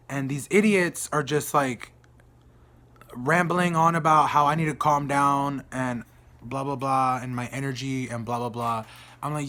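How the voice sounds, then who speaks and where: A man from Texas with a Texan accent, telling a story in a casual vlog rant, exasperated and animated as he acts out the other people in it. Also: fairly high pitch. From Dallas, Texas. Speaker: vlogger.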